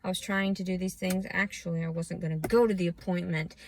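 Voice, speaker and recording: A woman vlogging a scattered, profane rant that swings from low muttering into shouting. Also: fairly even intonation, brisk, slight background noise. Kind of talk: ranting personal monologue.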